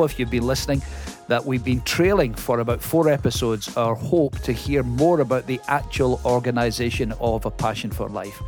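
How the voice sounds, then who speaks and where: A man's voice: mid-range voice, a little mellow. Man hosting a faith podcast. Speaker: podcast host. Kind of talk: casual interview chat.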